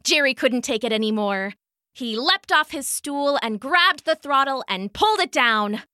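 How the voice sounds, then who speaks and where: A woman reads a children's story aloud at a moderate pace, her high, bright voice animated, expressive and swinging widely in pitch. She plays up the sound-effect words, and the recording is dry and close with no room echo.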